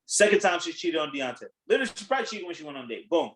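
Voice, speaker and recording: A man hosting a podcast in casual chat, retelling a reality show in a blunt, animated way, acting out what people said and swearing freely. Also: a little high, racing, rough recording. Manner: animated storytelling, acting out quotes. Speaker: podcast host.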